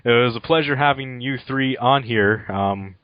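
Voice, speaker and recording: A man's voice: mid-range voice, moderate pace, no room sound, muffled recording. A man from Canada hosting a casual podcast interview and talking hesitantly, with many ums. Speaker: podcast host.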